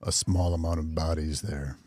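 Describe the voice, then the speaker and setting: Man, very low voice, plain casual player talk. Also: fairly even intonation, moderate pace, mellow, breathy edge, dry recording. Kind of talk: casual chat.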